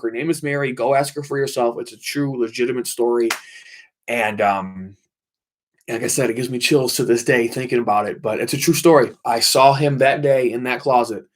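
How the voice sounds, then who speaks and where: A man hosting a late-night livestream, telling a ghost story in an intense, repetitive way, swearing often. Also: medium pitch. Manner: intense, swearing, repeats himself for emphasis. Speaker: livestream host.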